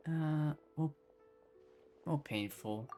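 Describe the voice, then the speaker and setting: A woman's voice: sits low, extremely slow, warm tone, faint music behind. A woman streaming a video game, chatting casually and playfully with lots of fillers. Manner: playful, hesitant, full of fillers. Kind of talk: casual gameplay commentary.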